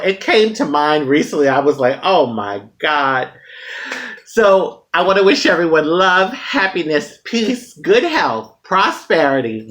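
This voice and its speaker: Woman, from the US, casual vlog storytelling, frank and dramatic, swinging pitch. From United States. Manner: frank, animated, dramatic retelling with frequent laughter. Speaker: vlogger.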